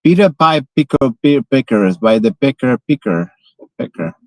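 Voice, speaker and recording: A man's voice: medium pitch, animated, moderate pace, no echo, low-quality recording. A man with a Spanish accent, a native Spanish speaker, chatting playfully on a live stream and stumbling through tongue twisters. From Spain. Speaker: vlogger. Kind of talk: casual live-stream chat.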